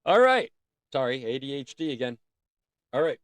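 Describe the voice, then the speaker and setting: A man's voice: mid-range voice, big pitch swings, normal speed, fairly bright tone, smooth, no echo. A man hosting a casual art livestream, rambling and easily sidetracked, breaking off to sing bits of songs. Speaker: livestream host.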